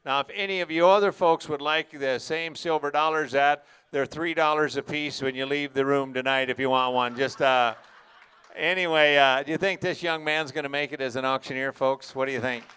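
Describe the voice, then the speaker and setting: A man's voice: on the high side, fairly even intonation, normal speed, pushed and bright, clean tone. A man emceeing a student auction, folksy and joking, addressing the crowd as folks. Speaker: auction school instructor and emcee.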